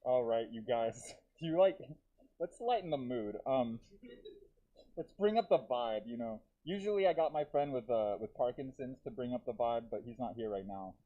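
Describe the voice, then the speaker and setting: A man performing a live stand-up set with dark, deadpan jokes and self-aware asides to the audience, talking through a deer mask. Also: mid-range voice, normal speed, narrow, tinny audio. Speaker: stand-up comedian. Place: comedy theater stage.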